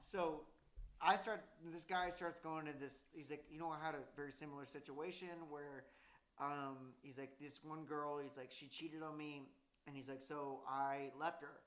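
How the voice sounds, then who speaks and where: A young man telling a story in casual chat, cursing a lot and rambling, getting louder and laughing as he gets worked up. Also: fairly high pitch, level tone, moderate pace, reverberant.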